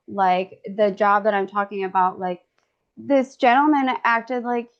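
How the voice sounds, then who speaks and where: A woman's voice: mid-range voice, steady tone, a little slow. Chatty woman, muffled lo-fi sound. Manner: chatty, rambling, many "like" fillers, laughs often. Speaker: guest discussant. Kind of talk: casual chat.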